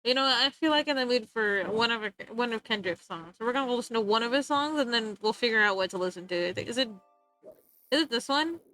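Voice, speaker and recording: Woman streamer, casual chat while drawing; high, sharp voice, animated and self-mocking. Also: faint music behind, low-quality recording. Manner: animated, joking, self-mocking, quick to laugh. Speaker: livestreamer.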